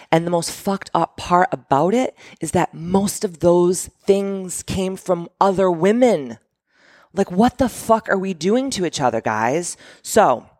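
Profane, animated woman podcast host. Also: low voice, dry recording, studio quality. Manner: blunt, profane and animated, with quoted asides. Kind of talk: casual solo podcast monologue.

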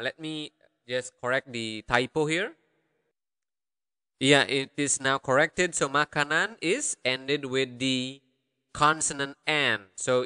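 A man teaching a language lesson, patiently repeating phrases slowly for learners. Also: medium pitch, sharp tone, clear, resonant tone. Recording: long hall reverb.

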